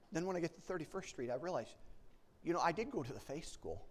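A male preacher telling a personal story in sermon style, with a slightly high voice that rises and falls a lot. He drops into hushed low stretches, then bursts out loud, and repeats words as he restarts his sentences. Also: fast, slight background noise. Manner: animated, swings between hushed lows and loud excited outbursts.

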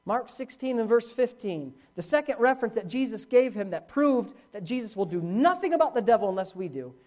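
A man preaching a sermon as pastor, telling a story with swings from loud to hushed. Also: very high voice, expressive, brisk.

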